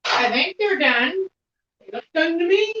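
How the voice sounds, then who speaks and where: A woman's voice: very high voice, expressive, a little slow, sharp tone, dull audio. A woman hosting a casual home livestream, rambling and easily distracted while she bakes in her kitchen. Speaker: livestream host.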